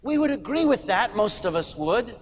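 A man's voice: sits high, very animated, normal speed, in a large hall, slight background noise. A middle-aged man preaching a sermon in a church, earnest and emphatic, posing rhetorical questions. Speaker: pastor.

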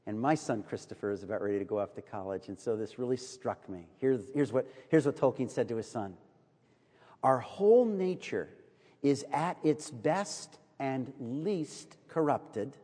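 A middle-aged American man preaching a sermon in a storytelling manner, sometimes dropping to a hush for emphasis. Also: medium pitch, in a large hall. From United States.

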